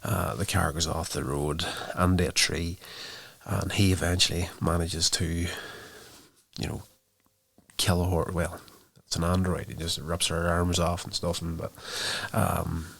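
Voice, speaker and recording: Low gravelly man casually recapping a film. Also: flat delivery, a little slow, a bit bright. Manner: rambling plot retelling with many fillers. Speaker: podcast host reviewing a movie. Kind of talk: casual spoken movie review.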